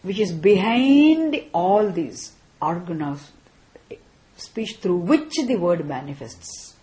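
A woman teaching a class on scripture, speaking deliberately and often checking in with "isn't it?". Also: on the low side, expressive, dark tone. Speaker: Vedanta teacher.

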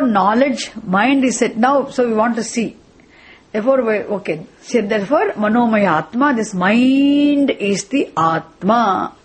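Breathy woman teaching a scripture class. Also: on the high side. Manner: repetitive, questioning, restarts phrases. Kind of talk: classroom lecture.

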